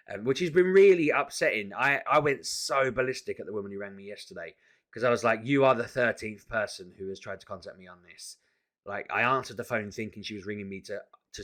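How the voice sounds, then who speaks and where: A man venting in a casual vlog to camera, exasperated and animated, often restarting his sentences. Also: fairly low pitch. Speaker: vlogger.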